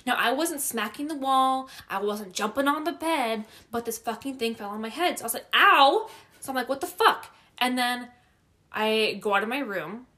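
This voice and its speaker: Telling a spooky tale set in her basement, a young woman chats loosely at normal speed in a fairly high voice. Her delivery is lively, peppered with nonstop swearing and laughter.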